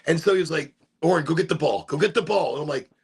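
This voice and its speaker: A middle-aged man from Chicago telling a rambling story on a live stream, animated and swearing, with sudden shouts when he acts out voices. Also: fairly high pitch, quick pace. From Chicago, USA. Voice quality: gravelly and husky. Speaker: streamer hosting a smoke session.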